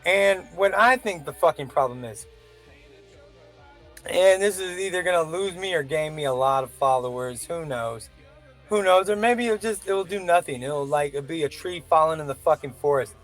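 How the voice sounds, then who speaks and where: High-voiced man ranting profanely. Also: fairly bright tone. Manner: profane, rambling, self-doubting. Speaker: vlogger. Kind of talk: casual opinion rant.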